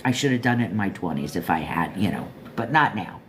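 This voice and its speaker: An older woman from Florida with a low, deep voice, hosting her own show and chatting casually about a book, self-joking and talking straight to listeners. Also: animated, a little fast, a little hiss or hum. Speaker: show host reviewing a book. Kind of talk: casual rambling monologue.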